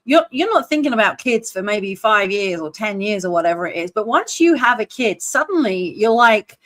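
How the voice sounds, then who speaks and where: A woman's voice: medium pitch, animated, moderate pace, a bit bright. A middle-aged woman co-hosting a live podcast, chatting casually and reading viewer comments aloud. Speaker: podcast co-host.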